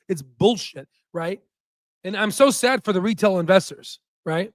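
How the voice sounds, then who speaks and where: A man hosts a casual stock market livestream in a fairly high, dry-sounding voice. He talks in a heated, rambling way, restarting sentences and tagging points with "right?". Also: measured pace, no echo. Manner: heated and ranting, with frequent "right?" tags; rambling with restarts and self-corrections.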